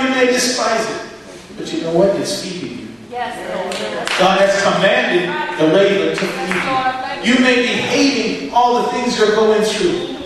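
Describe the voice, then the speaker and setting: A man's voice: sits high, fairly bright tone. A man preaching an emphatic sermon, repeating lines and quoting scripture. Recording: very echoey hall, from far off.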